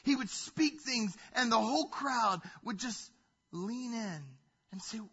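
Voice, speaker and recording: A male pastor preaching a sermon, telling the story in an animated way that swings between loud and hushed. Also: very high-pitched, slow, slightly rough, dull audio.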